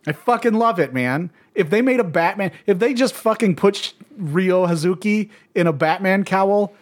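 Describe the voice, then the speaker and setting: Young male co-host, light high voice, profane and excitable. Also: normal speed. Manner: profane, enthusiastic, acts out game dialogue. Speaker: podcast co-host. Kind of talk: casual chat.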